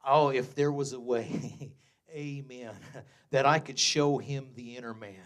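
A middle-aged man preaching a storytelling sermon, chuckling often, saying "uh" and "amen" a lot, and swinging from low asides to loud, fervent preaching. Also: fairly even intonation, slow. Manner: chuckles often between phrases, peppers speech with "uh" and "amen". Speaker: pastor.

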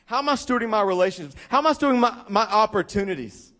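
A young male pastor preaching a sermon, telling a story with lively acted-out quotes and emphatic repetition. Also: high-pitched, rapid-fire. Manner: animated, acts out quoted voices, repeats for emphasis.

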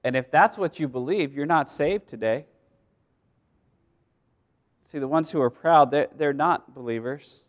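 Pastor guy preaching, kinda high voice, talks loose with lots of restarts. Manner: conversational preaching with repetitions and laughs. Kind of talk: sermon.

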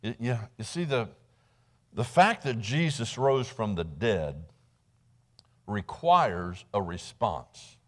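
A man's voice: lowish voice, animated, takes it slowly, fairly bright tone. A Midwestern American man preaching a sermon in a church, telling the story conversationally and often restarting his words. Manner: conversational storytelling, dramatic acted quotes; repeats words when restarting. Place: church sanctuary.

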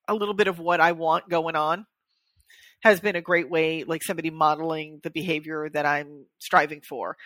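A woman co-hosting a podcast in casual chat, animated and quick to joke at her own expense. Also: low-pitched, dry recording. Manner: animated, joking and self-mocking. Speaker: podcast co-host.

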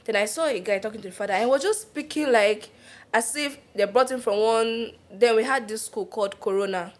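A woman's voice: fairly high pitch, a little fast. Laughing Nigerian woman telling stories. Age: young adult. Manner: animated, laughing, slips into pidgin. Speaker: podcast co-host. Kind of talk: casual storytelling chat.

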